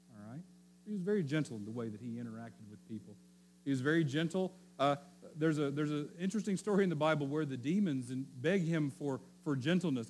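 A man's voice: fairly high pitch, lively intonation, quick pace, darkish tone, a little hiss or hum, rough recording. A male pastor preaching in a conversational way, speaking directly to the children and often checking in with his listeners. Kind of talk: sermon.

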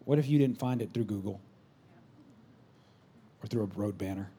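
A man in his thirties, a pastor preaching a sermon in a church, moving between loud exclamations and soft whispered asides. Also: on the low side, normal speed, a little hiss or hum. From California. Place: church sanctuary.

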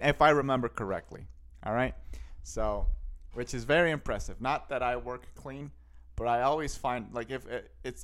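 A man hosting a podcast, talking casually about a comedy clip in a halting, rambling way with many restarts. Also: medium pitch. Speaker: podcast host. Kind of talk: casual commentary.

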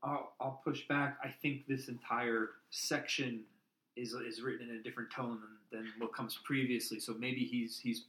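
Halting man in a roomy room. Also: medium pitch, level tone, bright, forceful tone. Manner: halting, repeats words as he thinks. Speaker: podcast co-host. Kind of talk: casual book discussion. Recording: roomy echo.

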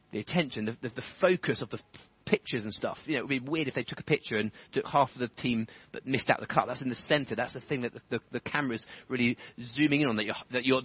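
A man preaching a sermon in church, animated, chuckling often and building to fervent emphasis. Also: mid-range voice, breathy edge. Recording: dull lo-fi church recording.

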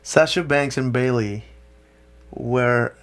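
A man's voice: medium pitch, slow. A man co-hosting a podcast, chatting casually and telling rambling stories with plenty of swearing and laughter. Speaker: podcast co-host. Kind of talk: casual chat.

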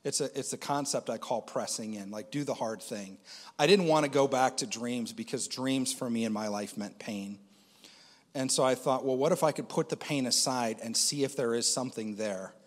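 A man's voice: medium pitch, normal speed, big-room sound. A man giving a conversational personal testimony as a Christian speaker, with lots of fillers.

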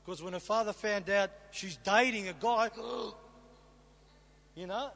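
This is a high-pitched, slightly bright male voice at normal speed. A middle-aged man shares his personal testimony as a sermon, posing rhetorical questions to the congregation. The sound is reverberant, as in a hall, with a faint hum.

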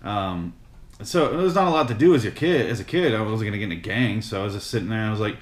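A man's voice: fairly low pitch, lively intonation, fast talker. A man telling a comic story as a rambling monologue, full of hesitations and swearing. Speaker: comedic vlogger. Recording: roomy echo.

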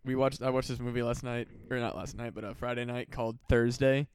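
A man's voice: mid-range voice, flat delivery, fairly quick, a little mellow, clean tone, dry recording. A man co-hosting a casual podcast, laid-back and swearing a lot, mostly with short reactions. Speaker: podcast co-host.

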